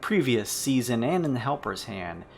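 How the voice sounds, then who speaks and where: Gravelly-voiced man running a tabletop game. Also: medium pitch, sing-song, moderate pace, faint music behind. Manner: descriptive narration with frequent restarts. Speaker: game master. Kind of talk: narrating a tabletop game over a voice call.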